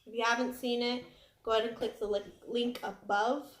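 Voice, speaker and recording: A woman's voice: fairly high pitch, level tone, a little fast, reverberant, slight background noise. A young woman vlogger chatting casually and apologetically while eating on camera. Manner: chatty and apologetic, talking between bites. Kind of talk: casual eating vlog chat. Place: home room indoors.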